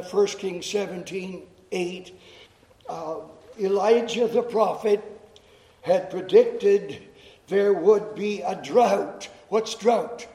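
A man preaching in chapel to students, explaining slowly and deliberately and repeating phrases for emphasis. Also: high-pitched, warm tone. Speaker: chapel speaker. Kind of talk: sermon to students. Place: chapel hall. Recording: echoey chapel hall.

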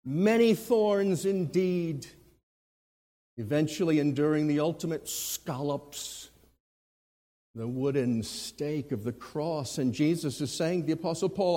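A man preaching a sermon who swings between forceful, emphatic lines and hushed, quiet ones. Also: fairly high pitch, measured pace. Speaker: pastor. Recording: long hall reverb.

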